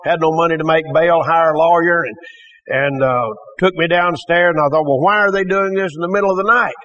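A man's voice: fairly high pitch, brisk, bright, forceful tone. A man giving a church testimony, telling his story in a folksy way and acting out the voices of people he quotes. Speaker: testimony speaker. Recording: dull lo-fi recording.

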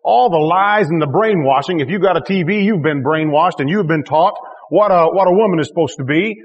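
A man's voice: a little high, a little fast, in a large hall, highs cut off. A man pastor preaching a sermon to his congregation, emphatic and repetitive, with joking asides. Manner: emphatic, repeats key phrases with rising intensity. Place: church.

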